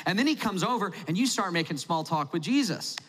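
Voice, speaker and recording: A man's voice: high-pitched, animated, a little fast, husky. A man preaching a sermon, telling the story in a conversational, humorous way. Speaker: pastor. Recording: long hall reverb.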